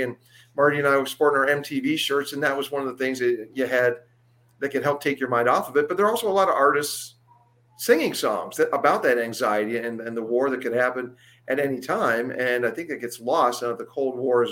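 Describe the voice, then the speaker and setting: A man hosting a casual podcast panel over a video call, animated and loose, dropping the odd mild swear. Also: medium pitch. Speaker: podcast host. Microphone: video call mic.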